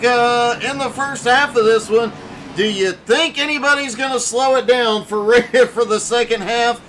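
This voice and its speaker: A man commentating a sim racing broadcast from the booth, excitable and prone to laughing between calls. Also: very high-pitched, slight background noise, rough recording. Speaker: race commentator.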